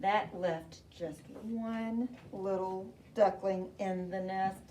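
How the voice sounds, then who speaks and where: A woman teacher reading a picture book aloud to her class in an animated way, asking the children questions. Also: mid-range voice, takes it slowly. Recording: distant mic, faint noise.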